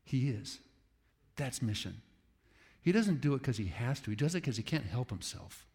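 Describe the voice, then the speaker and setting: A man preaching to a room of pastors, telling stories in an animated, self-aware way. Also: mid-range voice, normal speed, long reverb tail. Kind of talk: sermon to pastors.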